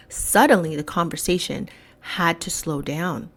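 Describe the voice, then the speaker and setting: A woman hosting a solo podcast, speaking in an emphatic commentary style and slowing down to stress key words. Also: on the low side, animated. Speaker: podcast host.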